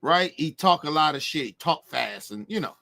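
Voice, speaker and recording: A man ranting with brash, mocking energy. His voice sits high and swings widely in pitch. He keeps hammering his points in profane, emphatic bursts. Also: animated, moderate pace, vocal fry, pushed and bright. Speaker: boxing commentator. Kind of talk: heated opinion rant.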